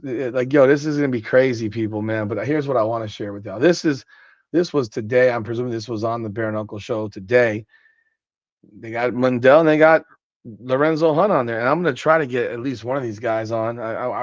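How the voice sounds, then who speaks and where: A man hosting a podcast late at night, sleepy and yawning, talking in loose, excitable slang and reading out comments. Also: mid-range voice, dry recording, muffled recording. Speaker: podcast host.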